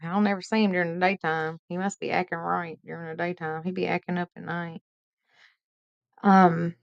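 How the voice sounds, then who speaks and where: A chatty woman hosts a late-night live stream, greeting her viewers by name in a folksy way. Her voice sits low, and it sounds close and dry. She laughs easily and talks freely. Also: fairly even intonation, normal speed, vocal fry, a bit bright, dry recording.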